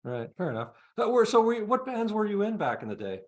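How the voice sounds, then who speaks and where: A man's voice: sits high, big pitch swings, a little fast. A man interviewing a musician, mostly offering short reactions and questions. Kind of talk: casual interview.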